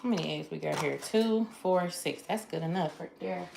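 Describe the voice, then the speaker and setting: A woman's voice: lowish voice, moderate pace, gravelly, very noisy. A woman hosting a live cook-along from her home kitchen, chatting with viewers and talking through each step. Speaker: livestream cooking host. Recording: roomy kitchen echo. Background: clatter of dishes and pans.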